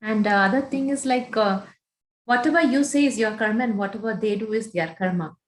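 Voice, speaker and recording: A woman's voice: on the high side, fairly quick. Woman, meditation class guide, reassuring, explaining, roomy echo, video call. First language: Tamil. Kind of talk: answering a participant's question.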